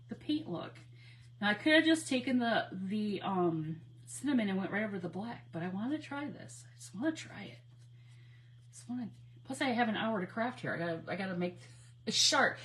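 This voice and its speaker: A chatty woman hosts a live crafting stream with a bright, clear voice. She rambles from one story to the next, greets viewers by name and laughs easily. Faint noise sits under her voice. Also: mid-range voice, rough recording. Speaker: crafting livestream host. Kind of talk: casual chat while crafting live.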